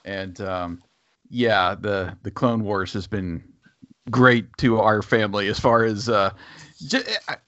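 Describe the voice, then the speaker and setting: A man's voice: fairly low pitch, steady tone, takes it slowly, a bit bright, no echo, muffled recording. Easygoing man hosting a chat. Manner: easygoing, hesitant with fillers. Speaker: podcast host. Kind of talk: casual chat.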